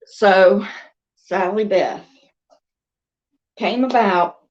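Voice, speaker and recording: A woman's voice: medium pitch, extremely slow, darkish tone, dull audio. A woman with a Southern US accent telling a rambling, chatty story in a casual vlog, with laughs between thoughts. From American South. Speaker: crochet and doll vlogger.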